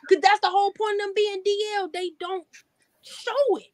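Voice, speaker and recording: High bouncy lady hosting a reaction live, laughs a lot, dry close mic. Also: moderate pace, no room sound. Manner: animated, laughs a lot, stammers when unsure. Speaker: reaction livestream host. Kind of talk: casual chat.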